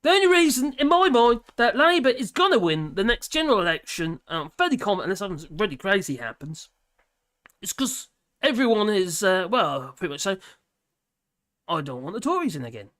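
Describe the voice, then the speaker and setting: A man's voice: high-pitched, sing-song, brisk, fairly bright tone. A man hosting a live stream in casual chat, rambling, laughing often and trailing off mid-sentence.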